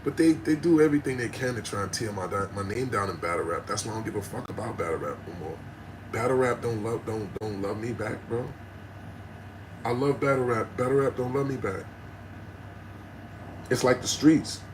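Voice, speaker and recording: A man's voice: mid-range voice, brisk, background noise. Blunt, aggressive middle-aged man. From New Jersey. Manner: passionate and aggressive, blunt and profane. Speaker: livestream host talking to viewers. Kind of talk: unscripted livestream rant.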